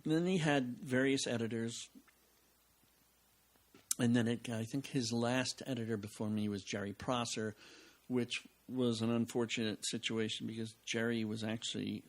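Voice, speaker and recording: An older man, a podcast guest recorded at home, telling animated anecdotes, acting out the voices of people he quotes and laughing often. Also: medium pitch, moderate pace. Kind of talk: casual anecdotal storytelling.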